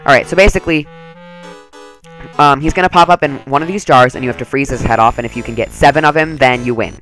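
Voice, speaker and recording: Give me a chatty man doing casual game commentary with a mid-range voice over quiet music. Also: medium pitch, quick pace, low-quality recording. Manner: chatty, rambling, lots of "like". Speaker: let's play commentator.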